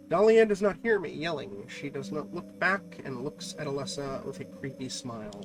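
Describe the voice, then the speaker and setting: A man's voice: medium pitch, animated, moderate pace, hardly any pauses, low-quality recording. A man streamer reading a visual novel aloud in an earnest, dramatic way with jokey asides. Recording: music playing clearly behind.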